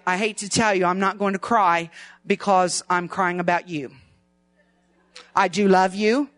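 An older woman, preaching an evening church sermon as a visiting preacher in a lively, folksy way that climbs in pitch when she presses a point. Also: no echo.

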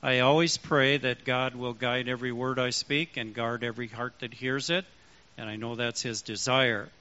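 A man, a pastor, preaching a sermon in an animated way, acting out the voices he quotes. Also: mid-range voice, normal speed. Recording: dull lo-fi sound.

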